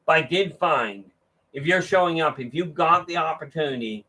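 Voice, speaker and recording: A man's voice: on the high side, expressive, moderate pace, pushed and bright, breathy edge, low-quality recording. A man giving an informal motivational talk, rambling and restarting often, acting out the voices of people in his stories. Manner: rambling storytelling with frequent restarts; acts out dialogue with raised voice. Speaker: motivational speaker. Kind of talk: casual monologue.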